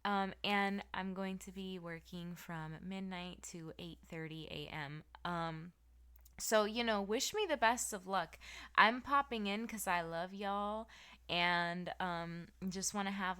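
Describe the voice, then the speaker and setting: A woman's voice: medium pitch, slow pace, bright, forceful tone, clear, resonant tone. A young woman streaming, chatting casually and reading her chat aloud, giggly and playful with lots of slang, sleepy and yawning.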